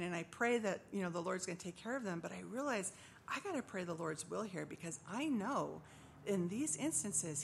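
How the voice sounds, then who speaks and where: A woman's voice: fairly low pitch, gravelly, sharp tone, a little hiss or hum. A middle-aged woman giving a personal testimony at church, telling her story earnestly and acting out the voices of the people in it.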